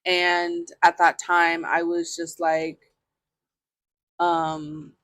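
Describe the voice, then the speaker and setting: A woman's voice: fairly low pitch, level tone, very slow, fairly bright tone, no echo. A woman podcast host telling a personal story in a candid, casual way, full of fillers and the odd swear word.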